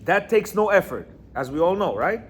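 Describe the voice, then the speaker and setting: A man's voice: sits high, very animated, normal speed, slight background noise. Guy giving a casual torah talk on marriage, voice all over the place, keeps asking "you hear?". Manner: reads quotes aloud, then explains with asides and constant "you hear?", "right?"; sometimes stumbles over Hebrew words. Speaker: marriage coach and teacher. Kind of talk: informal religious teaching talk.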